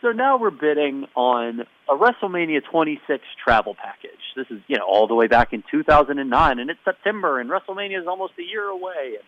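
A man co-hosting a casual podcast, recapping a wrestling show with animated storytelling and playful impressions. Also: a little high, a little fast, few pauses, no echo, highs cut off. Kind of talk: casual chat.

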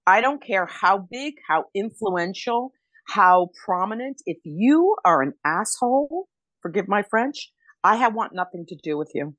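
A woman's voice: lowish voice, a bit bright, dry recording. An older woman from Rhode Island, a stage actress guesting on a podcast, talking candidly and bluntly in casual chat. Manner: blunt, candid, emotional storytelling.

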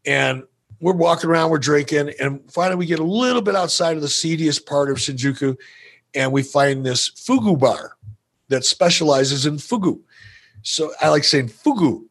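A man's voice: on the high side, moderate pace, vocal fry, fairly bright tone. Profane, playful male storyteller. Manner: profane, playful, self-amused. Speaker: podcast guest. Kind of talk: casual storytelling.

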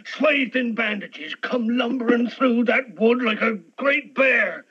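A drunken Irishman with an Irish accent, rattled and blustering as he insists on what he saw. The voice sits high and bright with a husky edge. It comes through a muffled old film soundtrack. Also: takes it slowly, heavily acted. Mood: shaken. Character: drunken, frightened Irish man in a pub.

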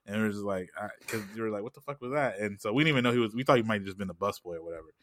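A man rattles through a casual story at a quick clip, with lots of slang and filler. His voice sits a little low but sounds bright and forward. The sound is dry and close. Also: a little hiss or hum. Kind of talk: casual chat.

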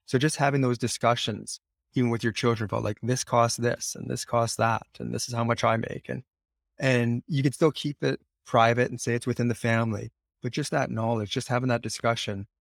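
A man speaking as a guest author on a podcast, earnest and conversational, often repeating himself for emphasis. His voice sits at an ordinary middle pitch. The sound is dry and close-miked. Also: steady tone, brisk, vocal fry, no room sound.

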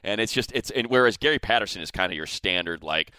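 A man's voice: fairly low pitch, lively intonation, fast, pushed and bright, smooth, no echo, studio quality. A man talking college football as an analyst in a casual sports show, telling stories about coaches. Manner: storytelling, mimics coaches in quotes.

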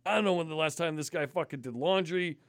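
A man's voice: on the high side, fast talker, no echo, clean studio sound. A man telling a disgusted, swear-filled story in casual podcast chat. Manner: animated, swears constantly, disgusted ranting. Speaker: podcast host.

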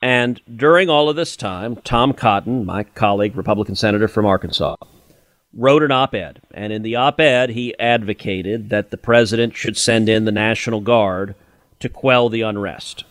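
A man's voice: on the low side, moderate pace, a bit bright, no room sound. Scornful, emphatic middle-aged man. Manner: emphatic and scornful, rising to indignant mockery. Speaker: senator and podcast host. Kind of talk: opinionated political commentary.

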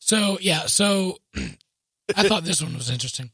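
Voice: medium pitch, animated, moderate pace, bright, forceful tone, husky, dry recording. A podcast co-host chatting casually and reading a news story aloud, often breaking into laughs and asides.

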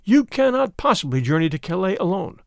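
A man voicing a loyal, earnest young gentleman speaking formally. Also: sits high, big pitch swings, brisk, gravelly, dry recording, clean studio sound, full character voice.

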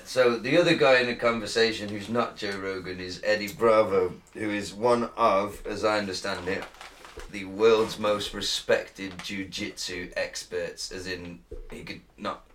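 A man from Britain hosts a casual podcast, cracking jokes, swearing and laughing often. His voice sits somewhat low, and his delivery is relaxed and chatty. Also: a little slow, slight background noise. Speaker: podcast host.

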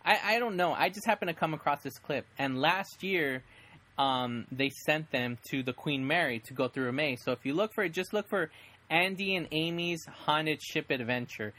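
A man's voice: on the high side, moderate pace, bright, forceful tone. A young man hosting a casual podcast, rambling enthusiastically with frequent restarts. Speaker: podcast host. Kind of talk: casual chat.

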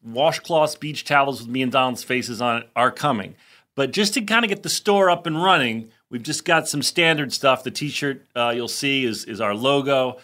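A man's voice: mid-range voice, pushed and bright. A man co-hosting a podcast, chatting casually in a playful, teasing way. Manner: playful, teasing, quick to riff. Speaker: podcast co-host. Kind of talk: casual chat.

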